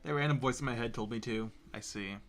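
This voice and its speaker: A man's voice: mid-range voice, quick pace, a bit bright. A young man, a game developer, chatting casually with a co-host, teasing and laughing often. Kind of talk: casual chat while working.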